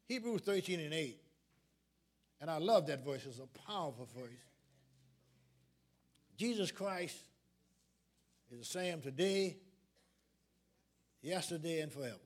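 A man's voice: on the high side, expressive, measured pace, pauses often. A man preaching a sermon as pastor, calling out questions to his congregation and building up to emphatic points. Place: church sanctuary.

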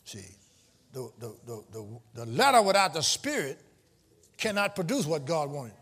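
A man preaching in church with a husky, bright edge to his voice. His pitch swings widely, climbing high when he calls out to the congregation and teases them. It is a lively call-and-response sermon that builds into shouting. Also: moderate pace. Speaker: pastor. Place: church before a live congregation.

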